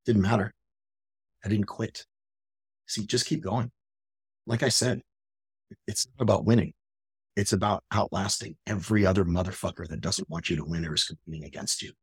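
A middle-aged man hosting a podcast, giving an intense, profane, confrontational motivational monologue that rises into loud ranting. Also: sits low, steady tone, normal speed, pauses often, husky, no echo, clean studio sound. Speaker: podcast host.

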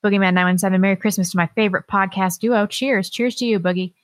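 A woman's voice: medium pitch, steady tone, fast, no echo, studio quality. A woman co-hosting a podcast, chatting casually and sarcastically about politics and reading listener comments aloud. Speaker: podcast co-host.

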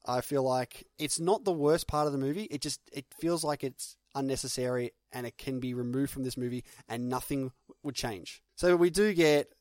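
An Australian man in his twenties or thirties chatting about movies with a friend. He is outspoken and critical, pushing his point again and again, at a medium pitch. His voice sounds close and dry, with no room echo. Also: moderate pace, hardly any pauses, darkish tone. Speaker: podcast co-host. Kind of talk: casual film discussion.

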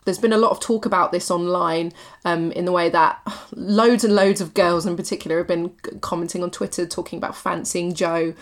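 A woman's voice: fairly low pitch, steady tone, brisk, few pauses. A woman co-hosting a casual chat about films and TV, rambling with lots of fillers. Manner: chatty, rambling, full of fillers. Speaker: podcast co-host. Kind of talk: casual film and TV review chat.

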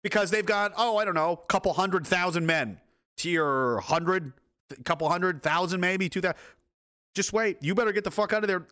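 A man's voice: sits high, normal speed, sharp tone. A man reacting to news reports and photos in a sarcastic, angry, heavily profane rant. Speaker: commentator.

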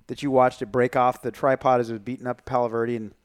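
Fast-talking joking man hosting a podcast. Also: medium pitch, level tone, smooth, dry recording. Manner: joking, teasing storyteller. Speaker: podcast host. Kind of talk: casual chat.

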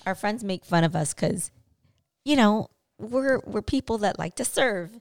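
A woman's voice: medium pitch, animated, measured pace, creaky. A woman co-hosting a podcast, chatting playfully and teasing, laughing often. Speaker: podcast co-host. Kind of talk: casual podcast chat.

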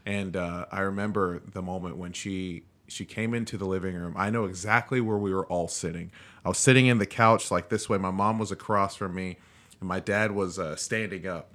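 A man in his thirties with a lowish pitch and a bright, forward tone hosts a podcast in casual conversation. He talks loosely, leaning on filler phrases. His stories come out relaxed and chatty. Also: fairly quick. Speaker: podcast host. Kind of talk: casual chat.

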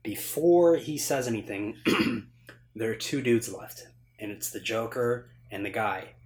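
Animated man telling a story. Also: lowish voice, slow. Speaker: podcast co-host. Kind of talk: casual chat.

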